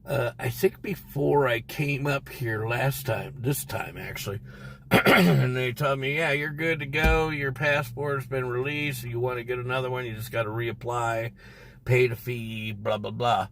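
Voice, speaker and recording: A man's voice: medium pitch, fairly even intonation, a little slow, vocal fry, a bit bright, slight background noise. A man telling a rambling, profane story on a casual livestream from inside his car. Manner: profane, rambling and irritated, heavy swearing. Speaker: livestream host.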